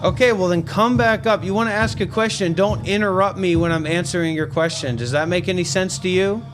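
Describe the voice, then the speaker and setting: A high-pitched man hosts a live call-in Q&A on a meditation stream. He talks bluntly and swears freely, mocking and confronting the callers. Music plays clearly behind him. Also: fairly quick. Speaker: host of a meditation livestream.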